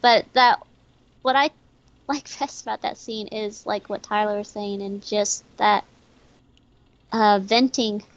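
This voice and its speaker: A woman's voice: mid-range voice, fairly even intonation, takes it slowly, long pauses, lo-fi sound. A woman with a small voice and a Southern US accent, chatting casually on a podcast, giggling and swearing freely. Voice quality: small, light voice. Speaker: podcast co-host. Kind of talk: casual chat.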